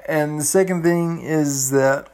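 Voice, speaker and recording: Slow, earnest man in his forties. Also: on the high side, steady tone. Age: 40s. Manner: earnest, halting, full of restarts; gentle, emotional, with soft laughs. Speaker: vlogger. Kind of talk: heartfelt personal talk to camera.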